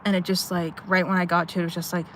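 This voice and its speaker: A woman's voice: fairly low pitch, level tone, racing, a bit bright, slight background noise. A young woman telling a story to her live chat in a rambling, emotional way, swearing often, from a parked car at night. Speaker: livestreamer.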